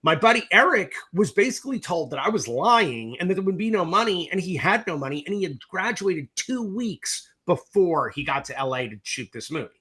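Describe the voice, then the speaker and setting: A middle-aged man with a husky, bright, forward voice tells stories from his career in a relaxed interview. He is animated and profane, and he jumps into quoting both sides of old conversations as he goes. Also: high voice, brisk, hardly any pauses. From US East Coast. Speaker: film director, interview guest. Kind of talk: casual interview storytelling.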